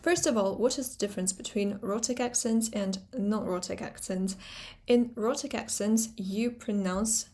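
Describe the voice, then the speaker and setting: Young woman, mid-pitched, casual phonetics teacher; slow and deliberate, demonstrating sounds. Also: darkish tone. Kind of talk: casual explanatory lesson.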